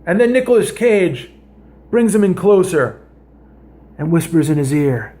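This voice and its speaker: A man with a fairly high voice hosts a comedy vlog from his home kitchen. He tells a story in a loose, rambling way, stops to correct himself, and stresses the juicy parts. The tone is casual and chatty. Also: a little slow. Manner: rambling, animated, self-interrupting.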